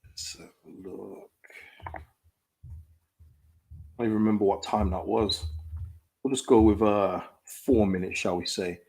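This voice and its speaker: Male streamer, casual and excitable, reads chat comments aloud, laughs a lot. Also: fairly low pitch, unhurried, gravelly, long pauses, husky. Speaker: live-stream football watchalong host. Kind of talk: casual live reaction chat.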